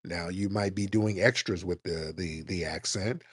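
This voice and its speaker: A man's voice: low voice, moderate pace, slightly rough, no room sound, studio quality. Blunt, lecturing male radio host. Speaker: radio talk show host. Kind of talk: argumentative call-in talk radio.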